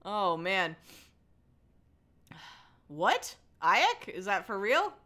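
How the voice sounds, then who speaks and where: A woman's voice: mid-range voice, sing-song, extremely slow, sharp tone. A woman streaming a live book reading, with sarcastic joking commentary and frequent laughs. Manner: sarcastic, laughs often, interrupts herself.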